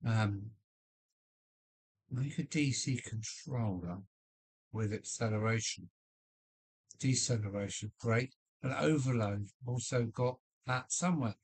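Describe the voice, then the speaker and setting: Man, deep voice, slow unhurried pace, rambling with fillers, casual live-stream chat from a home loft. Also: breathy edge. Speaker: livestream host.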